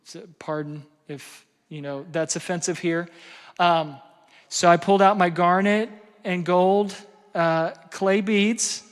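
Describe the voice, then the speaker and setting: A man's voice: sits high, steady tone, takes it slowly, smooth. Man teaching parents in an echoing hall. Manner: conversational, self-deprecating, frequent fillers and "right?". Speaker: parenting workshop speaker. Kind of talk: casual seminar talk. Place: large hall before an audience. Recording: long hall reverb.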